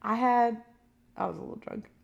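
A young woman in a relaxed podcast conversation, her voice sitting a little high. She tells anecdotes with giggles and plays out little quoted lines as she goes. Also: moderate pace, vocal fry, dull audio. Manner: chatty storyteller, giggly, acts out quotes. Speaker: podcast co-host. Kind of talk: casual chat.

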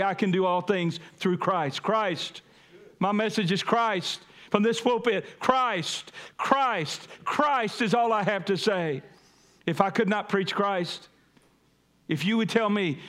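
A pastor preaching a sermon, calling on the congregation to repeat after him and building to emphatic peaks. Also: male voice, sits high, measured pace, fairly bright tone. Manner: call-and-response preaching, rising to emphatic peaks.

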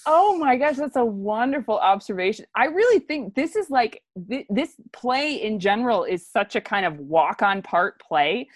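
A woman's voice: on the high side, big pitch swings, normal speed, hardly any pauses, dry recording. A young woman leading a Shakespeare reading, explaining the verse enthusiastically and thinking aloud. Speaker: teacher leading a play reading.

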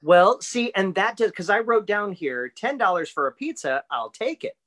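Casting: man with a fairly high voice, podcast co-host, rambling and easy to laugh. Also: animated, normal speed, a bit bright. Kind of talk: casual chat.

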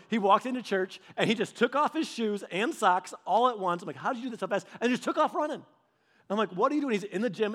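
A man in his thirties delivers a relaxed sermon in a noticeably high voice, talking the way he would chat with friends. He keeps slipping into quick impressions of the people in his anecdotes and restarts his sentences freely as he goes. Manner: animated, acts out quoted voices; conversational, with filler "like" and restarts. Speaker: pastor. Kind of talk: casual storytelling sermon.

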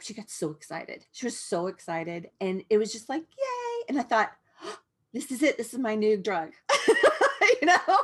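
A middle-aged woman talks over a video call as a podcast guest. She tells her story with a lot of expression, laughing often and voicing her past thoughts aloud, in a voice of ordinary pitch. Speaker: guest, painter in recovery. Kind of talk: casual podcast interview.

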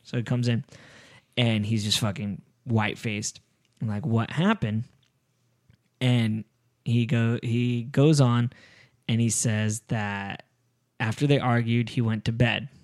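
A man's voice: mid-range voice, steady tone, slow, long pauses, a little mellow, no room sound, studio quality. A man hosting a podcast, telling a story in a rambling, casual way with frequent swearing. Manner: rambling, restarts, swears often. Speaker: podcast host.

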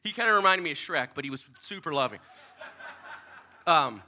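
Male preacher, high and piercingly bright voice, emotional testimony, hushed inner prayers. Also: animated, a little fast. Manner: emotional storytelling, drops to near-whispers for inner prayers. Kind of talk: sermon testimony. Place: small church in a strip mall.

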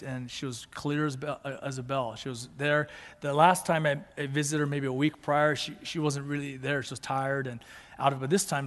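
Earnest pastor in a reverberant hall. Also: male voice, on the high side. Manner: conversational, building to fervent emphasis; mixes in Japanese phrases. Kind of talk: storytelling sermon.

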